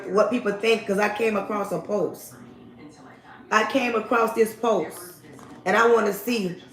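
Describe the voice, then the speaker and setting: A woman hosts a casual morning livestream, talking emphatically and repeating her greetings. Her voice has a gravelly edge. She sounds like she is in an echoey room, speaking into a phone. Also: mid-range voice. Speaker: livestream host.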